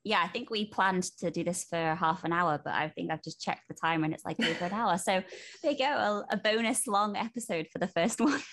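A woman's voice: fairly low pitch, fairly quick, a bit bright. A woman co-hosting a podcast, chatting casually and wrapping up the episode. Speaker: podcast co-host. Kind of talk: casual chat.

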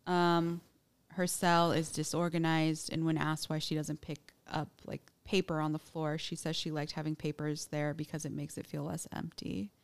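Young woman, podcast co-host, lowish voice, smooth and clear, casual, lots of "like" and "um". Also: flat delivery, normal speed. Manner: chatty, filler-heavy, restarts sentences. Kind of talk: casual chat, reading research notes.

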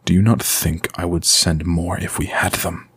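A man voicing a cold, commanding male vampire lord with a deep, low voice in an audio story. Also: flat delivery, moderate pace, fairly bright tone, slightly rough, no echo, clean studio sound, full character voice. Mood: imperious.

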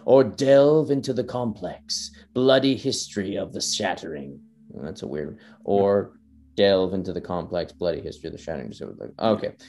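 Low-voiced guy on a podcast, reads narration, trips up, laughs at himself. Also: expressive, moderate pace, a little mellow. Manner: stumbling, self-deprecating, laughs at own slips. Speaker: podcast co-host. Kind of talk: reading trailer narration and casual chat.

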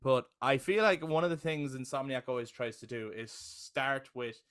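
A young adult man chatting on a podcast with real enthusiasm. His voice sits at an ordinary middle pitch, and he keeps tossing in "right?" and the odd swear word. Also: normal speed, fairly bright tone, clear, resonant tone. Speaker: podcast co-host. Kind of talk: casual chat.

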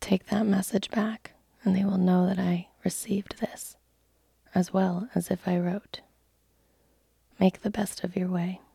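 A woman voicing a calm, businesslike male bank clerk traveling by coach, in a whispered role-play. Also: medium pitch, a little slow, gravelly, slightly rough, dry recording, clean studio sound, full character voice. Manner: quiet, businesslike, composed.

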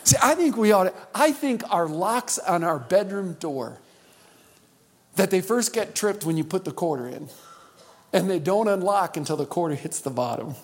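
A male pastor preaching a sermon, calling on the church to repeat after him and swinging between loud and hushed. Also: high voice, expressive, moderate pace. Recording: long hall reverb.

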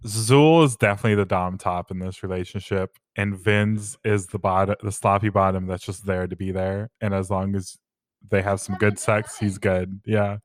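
A man's voice: low voice, fairly even intonation, normal speed, dry recording, studio quality. A young man joking playfully in a casual film discussion. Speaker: podcast co-host.

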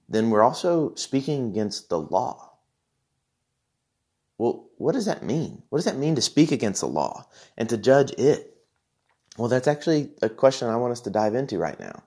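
A man's voice: medium pitch, darkish tone. A man preaching a sermon, explaining scripture earnestly and posing questions to his listeners before answering them.

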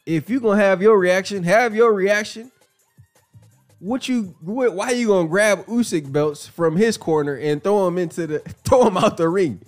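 A man's voice: high-pitched, moderate pace. Male podcast host, casual and profane, faint music under him. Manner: animated, profane, laughing. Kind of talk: casual commentary.

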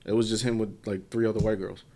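A man's voice: fairly low pitch, little pitch movement, fast, mellow. A man co-hosting a podcast in casual chat, teasing and jumping in playfully. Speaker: podcast co-host.

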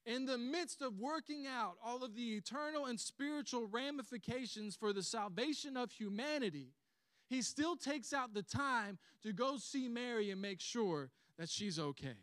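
Animated pastor, high voice. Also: male voice, no echo. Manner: animated storytelling with chuckles. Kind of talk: sermon.

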